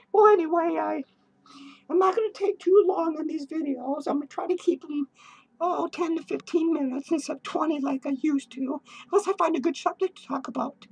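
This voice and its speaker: A man playing an unhinged, foul-mouthed clown who rants in a high, shrill voice with cackling laughs, tipsy and hyper, in a comedic character vlog. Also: fairly even intonation, normal speed, vocal fry, pauses often. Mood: manic ranting. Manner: crude swearing rants, giddy and drifting. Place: home studio.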